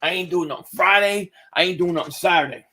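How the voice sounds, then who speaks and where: Male live-stream host, high bright voice, loose excitable play-by-play and chat. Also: quick pace. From Philadelphia area. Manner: loose and excitable, swearing, reading chat aloud. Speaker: streamer reacting to a football game. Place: home, indoors.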